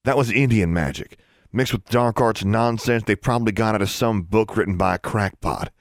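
A scowling sixteen-year-old who barks orders and growls his warnings, as a man reads him aloud. The voice stays deep and low, and it is recorded dry and close. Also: moderate pace, no echo, lightly acted. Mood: stern. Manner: growling, clipped commands. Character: stern commanding sixteen-year-old boy.

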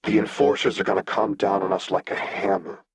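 A man voicing a blunt, earnest young male gang leader with a husky voice. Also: fairly low pitch, fairly quick, no echo. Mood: wry.

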